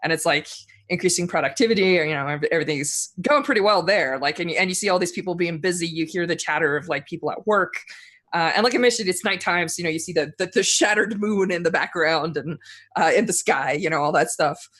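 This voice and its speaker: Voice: medium pitch, quick pace, fairly bright tone. A game master narrating a tabletop game scene, with many fillers and restarts. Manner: hesitant, filler-heavy narration.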